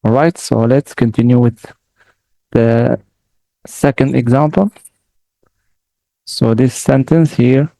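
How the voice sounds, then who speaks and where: A man's voice: medium pitch, steady tone, takes it slowly, creaky, pauses often, warm tone. A man from Morocco, teaching a language lesson patiently and repeating words for the listener to echo.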